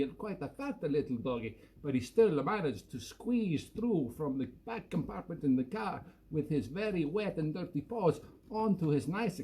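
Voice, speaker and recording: Playful Scottish man, lively voice. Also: on the high side. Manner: playful, jokey and self-mocking. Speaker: accordion player hosting a weekly live show. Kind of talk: casual chat between tunes. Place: at home.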